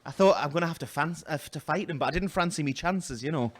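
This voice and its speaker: Talking fast in a high-leaning voice, a man does stand-up comedy at a small venue. His story comes out loud, full of put-on voices and asides poking fun at himself.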